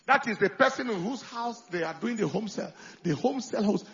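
A man preaching a sermon as pastor, swinging from quiet talk to loud calls for the congregation to answer. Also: high voice, lively intonation, normal speed, slightly rough, muffled recording.

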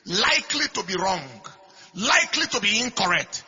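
A man preaching a sermon, repeating phrases and swinging from quiet talk to shouted declarations. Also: high-pitched, big pitch swings, moderate pace, breathy edge. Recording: dull lo-fi recording.

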